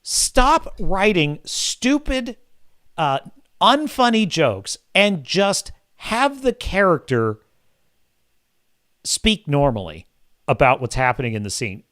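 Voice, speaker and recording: A man's voice: a little high, big pitch swings, slow pace, a bit bright, no echo, studio quality. A man hosting a live podcast, ranting in a crude, sarcastic, exasperated tone. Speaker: podcast host. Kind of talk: casual live-show rant.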